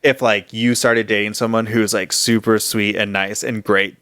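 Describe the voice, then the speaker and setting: A man co-hosting a podcast in casual chat, throwing in quippy, deadpan remarks and casual swearing. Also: fairly low pitch, moderate pace, clean tone, dry recording, clean studio sound. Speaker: podcast co-host.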